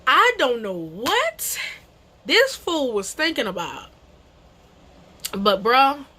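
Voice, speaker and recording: A woman's voice: sits high, very animated, slow pace, bright, forceful tone. A young adult woman telling a storytime to camera, emphatic and slangy, repeating phrases and calling people bro. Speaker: vlogger. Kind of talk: animated storytime.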